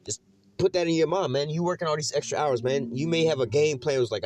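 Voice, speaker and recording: A man's voice: fairly high pitch, quick pace, a little mellow. A man preaching on scripture in a loose, profane, slangy rant, tossing "man" into nearly every sentence. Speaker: Bible teacher. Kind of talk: casual street preaching.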